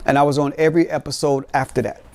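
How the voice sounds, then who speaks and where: A man hosting a podcast, telling lively, streetwise stories and acting out beats with his mouth. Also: fairly high pitch, fast talker, no echo. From Cincinnati. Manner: animated, streetwise storytelling with sound effects. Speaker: podcast host. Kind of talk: storytelling.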